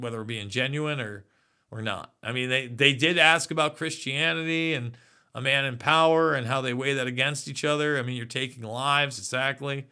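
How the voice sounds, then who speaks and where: A man's voice: mid-range voice, pushed and bright. A man in his forties hosting a casual livestream, rambling and reading viewer comments aloud. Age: 40s. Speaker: livestream host. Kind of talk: casual live chat.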